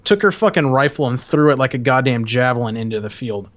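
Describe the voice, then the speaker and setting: A man's voice: mid-range voice, lively intonation, fast talker. A young man hosting a podcast and telling a story in a casual, profane, rambling way, often laughing. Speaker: podcast host.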